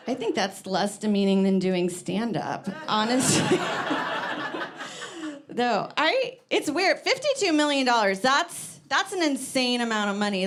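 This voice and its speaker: A woman doing a stand-up comedy set, chatty and full of fillers, chuckling at her own jokes and a little out of breath. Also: a little high. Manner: conversational, many "like" fillers, laughs at own jokes. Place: comedy club stage with live audience. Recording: live crowd audible. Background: audience laughter.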